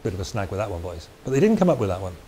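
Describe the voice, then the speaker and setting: A Welsh preacher speaks very fast in a low, mellow, sing-song voice while teaching the Bible conversationally. He drifts into chatty asides and restarts his sentences, over a slight hiss.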